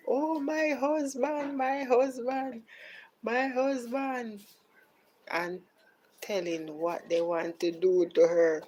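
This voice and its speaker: A Jamaican woman hosting a live podcast, chatting casually and slipping into soft, near-whispered phrases. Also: on the low side, rough recording. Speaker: podcast host.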